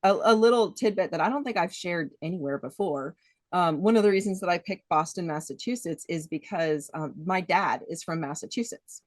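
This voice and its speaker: A friendly woman interviews a narrator in a casual chat, laughing easily and offering compliments. Her voice sits on the lower side, and the recording is dry and close. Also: a little fast, no echo.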